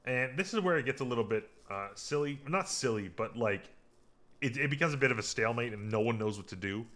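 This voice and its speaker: A man's voice: mid-range voice, lively intonation, fairly quick, a bit bright. A man hosting a podcast, casually recapping a TV episode in a rambling way, full of fillers and restarts. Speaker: podcast host.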